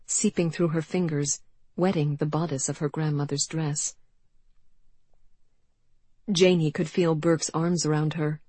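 Low husky woman narrating a novel. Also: no echo. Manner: measured, expressive storytelling. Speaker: audiobook narrator. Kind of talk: scripted narration.

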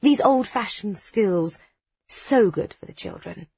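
A woman's voice: mid-range voice, lively intonation, slow pace, vocal fry, dark tone, slightly rough, dry recording, lo-fi sound, full character voice. A woman voicing a smug, fashionable businesswoman who gushes on the phone in an affected way. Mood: smug gushing. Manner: gushing, affected phone chatter. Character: smug posh businesswoman, fashionable and self-satisfied.

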